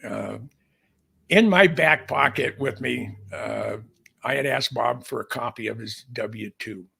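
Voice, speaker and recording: A man's voice: medium pitch, unhurried, creaky, pushed and bright, husky. An older man, a podcast guest, telling a long story in a folksy, rambling way with many restarts. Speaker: podcast guest, aviation historian. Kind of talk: storytelling in casual conversation.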